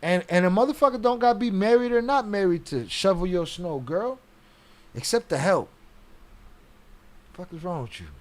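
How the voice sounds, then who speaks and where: A man hosting a casual live stream, reacting to chat with blunt, profane talk and frequent laughs. His voice sits somewhat high for a man. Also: lively intonation, normal speed, pauses often.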